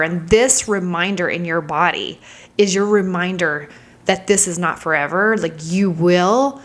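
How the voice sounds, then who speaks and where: A woman's voice: fairly low pitch, unhurried. A woman in her thirties telling a personal story in a candid, searching way, sometimes dropping into a whisper as she relives a moment. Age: 30s. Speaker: vlogger.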